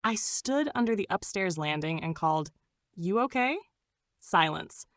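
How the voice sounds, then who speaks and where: A woman's voice: low-pitched, animated, moderate pace, a bit bright, no room sound. A woman narrating a scripted first-person suspense story in a dramatic, suspenseful manner.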